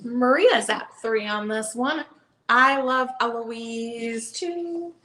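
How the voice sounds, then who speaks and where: Hosting a live online book sale, a woman keeps things chatty and upbeat while calling out bids in casual auction talk. Her voice is a little high with a sharp tone, and she speaks at a slow pace. The room sounds echoey.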